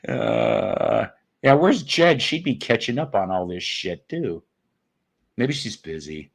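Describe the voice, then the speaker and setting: A man's voice: medium pitch, very animated, slow, vocal fry. A man hosting a casual live stream, rambling and joking with viewers with crude humor. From northern United States.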